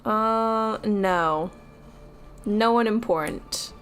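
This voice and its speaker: A woman's voice: medium pitch, extremely slow, a bit bright, smooth, soft background music. A woman from the US, a streamer, chatting casually and jokingly while she plays a game. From Seattle, US. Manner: jokey and self-mocking. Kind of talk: casual gaming commentary.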